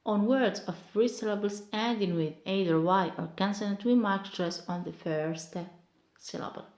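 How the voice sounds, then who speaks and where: A woman, teaching English word stress slowly and carefully, repeating each example word. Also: medium pitch, a little mellow, echoey room. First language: Arabic. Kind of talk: online pronunciation lesson.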